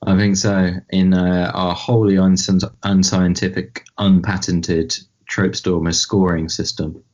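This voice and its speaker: A man co-hosting a podcast, chatting casually and rambling about a film with animated asides. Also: low voice, slow pace. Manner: rambling, animated, mimics voices in quotes. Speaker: podcast co-host. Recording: dull lo-fi podcast mic.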